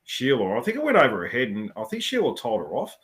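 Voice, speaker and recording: A man hosts a casual sports chat and moves the talk along in a relaxed way. His pitch swings up and down a lot as he speaks. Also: fast talker, heavy background noise. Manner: relaxed, steers the talk, brief agreements. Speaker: podcast host.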